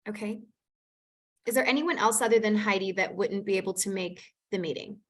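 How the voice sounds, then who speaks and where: A woman city planner runs a community committee meeting over a video call. She talks in a chatty, easygoing way and fills her pauses with frequent ums. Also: medium pitch. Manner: warm, chatty, many "um"s. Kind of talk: online meeting facilitation.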